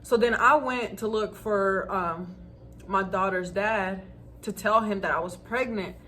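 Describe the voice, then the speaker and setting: A woman's voice: medium pitch, a little slow, fairly bright tone, slight background noise. A young adult woman telling a personal story to her viewers in a casual, chatty way, laughing often. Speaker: vlogger.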